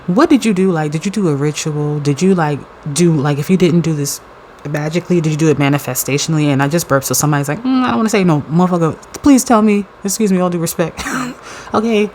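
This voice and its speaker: A woman giving a casual pick-a-card tarot reading, excitable and playful, with slang and free swearing. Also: low-pitched, a little hiss or hum, rough recording.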